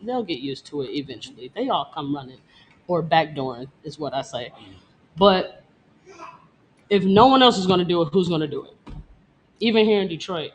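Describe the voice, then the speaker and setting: Woman dancer, brash and profane, quick laughs, no-nonsense. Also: sits low, animated, a little hiss or hum. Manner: blunt, profane, boastful, laughs often. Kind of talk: casual interview talk. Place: Detroit.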